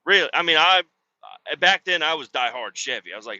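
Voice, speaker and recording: Bright-voiced man telling a crude story. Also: on the high side, lively intonation, fairly quick, dull audio. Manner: crude, rambling storyteller with swearing. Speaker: podcast host. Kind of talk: casual storytelling.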